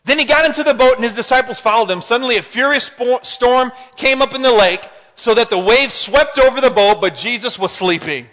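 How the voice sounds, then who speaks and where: A man preaching a sermon in an animated way, often asking the congregation questions. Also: very high-pitched, fairly quick, hardly any pauses. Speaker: pastor. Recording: hall reverb.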